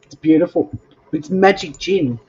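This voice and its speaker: A woman's voice: deep voice, unhurried, warm tone, muffled recording. An Australian woman hosting a live cooking stream from her home kitchen, chatting to viewers in a bubbly way as she cooks. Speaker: cooking show host.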